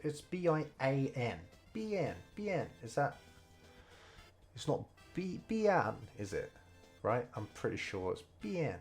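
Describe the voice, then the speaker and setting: A man's voice: lowish voice, a little mellow. A man casually thinking aloud as he studies Mandarin over gameplay, hesitant and full of fillers. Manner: slow, unhurried delivery. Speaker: streamer learning Mandarin. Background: faint game music.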